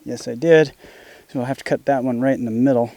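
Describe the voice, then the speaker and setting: A man's voice: medium pitch, fairly even intonation, brisk, dark tone, slight background noise. A man casually narrating a do-it-yourself job outdoors, thinking aloud as he works and chatting to his dog. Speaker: DIY homesteading vlogger. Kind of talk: casual how-to narration while working. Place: outdoors in an orchard.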